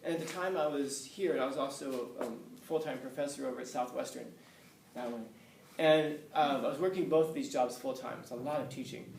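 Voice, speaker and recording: A man's voice: medium pitch, brisk, vocal fry, darkish tone. A male college professor telling a candid, conversational story to his class, swearing and chuckling now and then. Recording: roomy, distant, faint background hiss.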